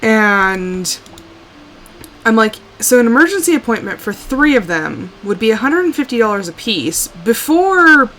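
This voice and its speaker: A tired woman streamer chatting casually while she plays, rambling, sighing and trailing off into quiet asides. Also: fairly high pitch, very animated, a little slow, slight background noise. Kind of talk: casual live-stream chat while playing.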